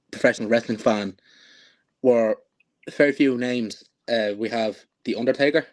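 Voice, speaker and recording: A young man in his twenties chats as a guest on a podcast. His voice is mid-pitched and relaxed, and he speaks haltingly, often stopping to restart his sentences. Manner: halting, many restarts, laid-back. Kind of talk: casual chat.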